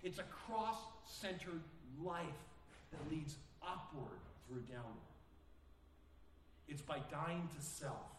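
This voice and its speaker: Male pastor, earnest sermon, slightly high voice, roomy church sound, heard from a distance. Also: big pitch swings, slow, slight background noise. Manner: earnest preaching, acting out quoted voices with sudden rises in pitch.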